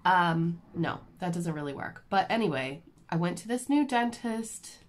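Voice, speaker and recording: A woman vlogger telling a personal story in a casual, animated, self-deprecating way with lots of fillers. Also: fairly low pitch, measured pace. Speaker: crafting vlogger.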